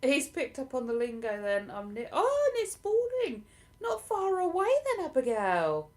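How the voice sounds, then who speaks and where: A woman's voice: high-pitched, wildly swooping pitch, a little slow. A woman from southern England with a southern English accent tinged with Lincolnshire, a livestream host chatting casually with viewers, self-deprecating and laughing often. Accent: southern English, partly Lincolnshire. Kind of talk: casual live chat answering viewer comments.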